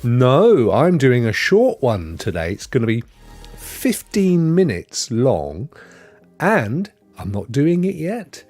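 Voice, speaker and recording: A middle-aged man runs a casual live stream, greeting viewers by name and wandering into rambling asides. His pitch is animated and moves a lot. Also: slow, soft background music. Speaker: livestream host.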